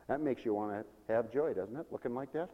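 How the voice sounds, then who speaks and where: A man preaching a sermon, animated and laughing often, swinging from loud to soft. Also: mid-range voice, moderate pace, big-room sound, highs cut off.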